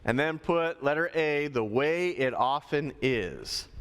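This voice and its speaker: A man with a slightly high voice preaches to schoolchildren in a school chapel, speaking as both pastor and teacher. His tone is lively and teacherly. He drums in his points by repeating them. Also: slow pace, smooth. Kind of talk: sermon to schoolchildren.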